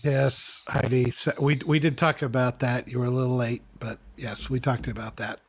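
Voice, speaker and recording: A man's voice: mid-range voice, little pitch movement, moderate pace. A middle-aged man co-hosting a casual podcast chat, telling long rambling stories full of restarts and asides. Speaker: co-host.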